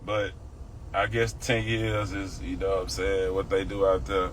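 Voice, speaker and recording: On a phone livestream, a middle-aged man from Houston with a Southern US accent rants casually, bluntly, and with plenty of profanity. He speaks in a low, flat, unhurried voice. Faint noise lingers in the background.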